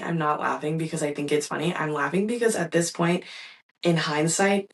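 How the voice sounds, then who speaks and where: A young woman hosting her own podcast, telling a personal story in a candid, reflective way with soft laughs and fillers. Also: low voice, far from the mic, rough recording. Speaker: podcast host.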